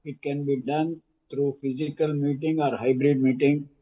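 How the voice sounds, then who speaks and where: An Indian man speaking as a shareholder over a video call, making measured, formal suggestions. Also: mid-range voice, flat delivery. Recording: dull lo-fi call audio.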